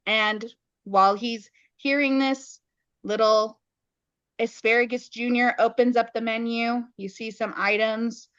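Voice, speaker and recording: A woman co-hosting a podcast in casual chat, recapping a story in detail with wry, deadpan asides. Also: a little high, a little slow, clean tone, no echo. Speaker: podcast co-host. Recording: dull lo-fi podcast audio.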